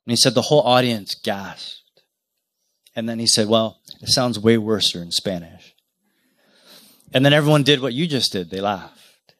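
Man, pastor, sermon, mid pitch, dry close sound, earnest, loud-to-hushed swings. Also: animated, normal speed, no room sound.

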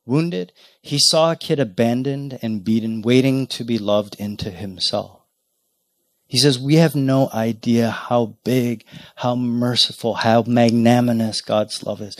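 A man preaching a sermon as pastor, telling stories earnestly, rising loud and then dropping to a hush. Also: mid-range voice, unhurried, no room sound, clean studio sound. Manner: earnest storytelling with wide swings from loud to hushed.

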